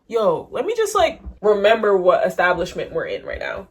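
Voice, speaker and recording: A woman's voice: mid-range voice, huge pitch swings, normal speed, slightly rough. A young woman in college telling a crush story to camera in a casual vlog, giggling and acting out her own lines. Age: young adult. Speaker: vlogger.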